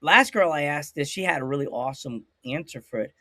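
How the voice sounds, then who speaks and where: An American man hosting a podcast interview, gushing and animated, acting out little voices as he talks. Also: on the high side, brisk, no room sound, clean studio sound. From United States. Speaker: podcast host. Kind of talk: excitable casual interview.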